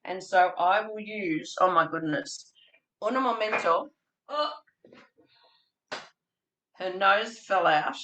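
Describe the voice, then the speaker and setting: A woman presenting a childcare training webinar in an animated, theatrical, chatty way. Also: medium pitch, slow pace, long pauses.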